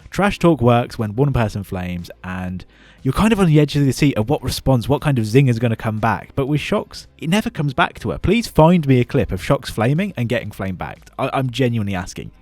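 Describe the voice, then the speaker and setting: A man's voice: mid-range voice, a little mellow, no echo. A young British man giving blunt, sarcastic, opinionated commentary on a close, dry mic. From United Kingdom. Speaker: esports commentator.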